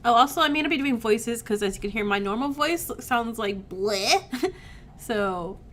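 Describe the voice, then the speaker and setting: A woman's voice: fairly high pitch, animated, normal speed, fairly bright tone, slight background noise. A woman streamer with a sick-sounding voice, chatting casually and reading game text aloud as she plays. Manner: chatty, reacts with sighs and groans between read lines. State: recovering from illness, sick-sounding voice. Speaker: let's play streamer.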